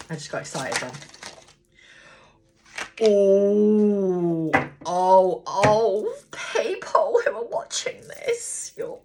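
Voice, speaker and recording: A chatty, blunt woman reads tarot cards aloud in a casual, unscripted way. Her fairly low voice swings widely in pitch as she muses and addresses viewers directly. A faint hiss sits under the recording. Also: very animated, a little slow. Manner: chatty, blunt, swears freely; thinks aloud, talks to viewers. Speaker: tarot reader. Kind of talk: casual tarot card reading.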